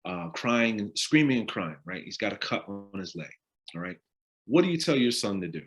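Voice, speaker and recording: A man runs an interactive talk with a lively, rising and falling voice. He speaks in an animated way and keeps asking his listeners direct questions. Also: fairly low pitch, normal speed. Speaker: discussion leader on a live stream.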